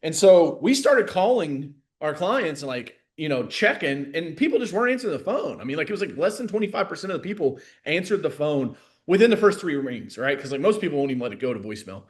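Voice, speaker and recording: Animated man, casual coaching talk. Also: fast, hardly any pauses. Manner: animated, filler-heavy, swings between loud bursts and low asides. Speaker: sales coach. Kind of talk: casual live masterclass talk.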